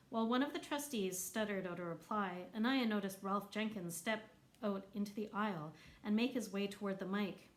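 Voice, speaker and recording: Woman reading a book out loud, middle pitch, voices the shouting crowd a bit higher. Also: normal speed, poor audio. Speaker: audiobook narrator. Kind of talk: scripted narration.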